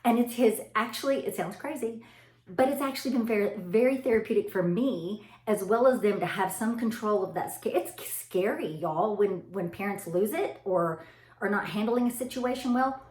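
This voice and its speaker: A woman, chatting casually to camera about parenting. She tells stories in an animated way, laughs often and calls her viewers y'all. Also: mid-range voice, moderate pace. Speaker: mother vlogging about parenting. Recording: echoey room.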